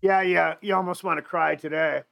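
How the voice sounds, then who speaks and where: Guy hosting a chat show, gravelly and sharp sounding, lots of um's and restarts. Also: a little high, fairly even intonation, brisk. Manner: rambling, with many restarts and fillers. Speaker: show host. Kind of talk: casual talk show chat.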